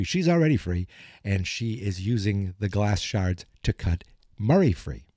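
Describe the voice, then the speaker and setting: A man's voice: lowish voice, warm tone, no echo, clean studio sound. A man hosting a podcast, recapping in a chatty, rambling, self-joking way, with a scratchy morning voice. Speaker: podcast host. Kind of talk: casual recap monologue.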